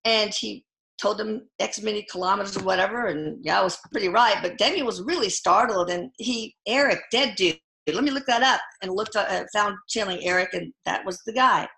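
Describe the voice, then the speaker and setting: A middle-aged woman with a bright, forceful voice tells her stories in a casual interview. She stops and restarts often and leans on fillers. The sound is roomy and echoey. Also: medium pitch, vocal fry. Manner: halting, full of fillers and restarts. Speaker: guest. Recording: echoey room.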